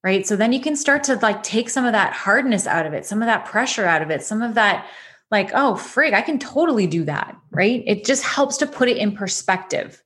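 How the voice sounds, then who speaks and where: A woman's voice: medium pitch, animated, fairly quick, fairly bright tone. A woman coach leading a goal-setting lesson, talking directly and encouragingly with many rhetorical questions.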